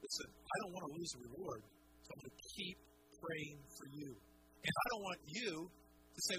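A man's voice: a little high, lively intonation, normal speed, pushed and bright. A man preaching a sermon as pastor to a large congregation in a church, asking questions and pressing each point home. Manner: emphatic preaching with rhetorical questions. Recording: noisy live sermon recording.

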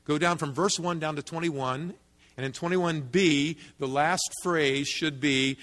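A man's voice: fairly high pitch, steady tone, unhurried, fairly bright tone. Emphatic male preacher in a reverberant hall. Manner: emphatic, rising to fervent peaks when quoting scripture. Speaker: pastor. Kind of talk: sermon. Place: church sanctuary. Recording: long reverb of a large hall.

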